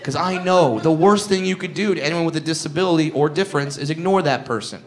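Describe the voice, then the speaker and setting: On a comedy stage before a live audience, a man with a high-ish voice talks fast through a crude, brash stand-up set. He builds his jokes by acting out bits of dialogue.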